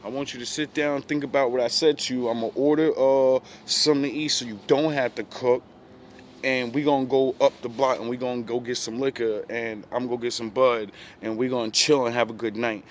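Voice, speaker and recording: A man's voice: mid-range voice, fairly even intonation, fairly quick, slight background noise. A young man bluntly retelling a past relationship in profane street slang, casual storytelling.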